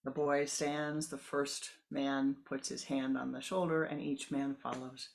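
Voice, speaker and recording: A woman spiritual teacher telling a story in a meditation talk, slow, with whispered asides and repeated phrases. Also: extremely low pitch, little pitch movement, creaky.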